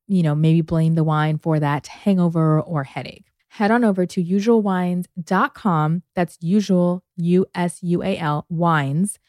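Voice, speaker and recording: A woman's voice: on the low side, steady tone, measured pace, few pauses, darkish tone, dry recording, studio quality. A woman co-hosting a podcast in casual chat, talkative and laughing often. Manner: chatty, laughs often, says "like" a lot. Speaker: podcast co-host.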